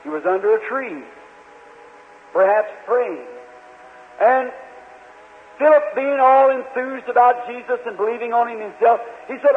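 A man preaching a sermon in a large church, telling a Bible story earnestly with halting restarts and quoted voices. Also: sits high, lively intonation, slight background noise. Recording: old lo-fi tape, hall reverb, tinny.

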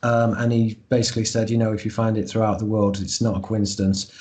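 A man, an author being interviewed, explaining esoteric ideas in a measured, hesitant way with frequent pauses and ums. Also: on the low side, flat delivery, darkish tone. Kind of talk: discursive interview talk.

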